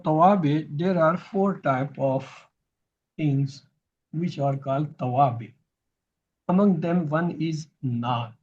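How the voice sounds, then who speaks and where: A man's voice: fairly high pitch, darkish tone, husky, muffled recording. A man teaching grammar in a recorded lesson, patiently repeating each term so students can drill it.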